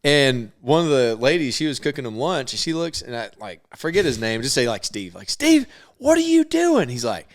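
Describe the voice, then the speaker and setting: A man's voice: medium pitch, animated, fairly quick, hardly any pauses, fairly bright tone. A man co-hosting a podcast, telling a funny story in casual chat and laughing often. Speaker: podcast co-host.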